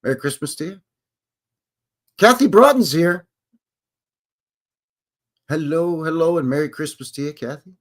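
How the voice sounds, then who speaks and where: A man's voice: a little high, sing-song, a little slow, long pauses. A Canadian man hosting a casual live stream, rambling and joking as he greets viewers by name. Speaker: livestream host.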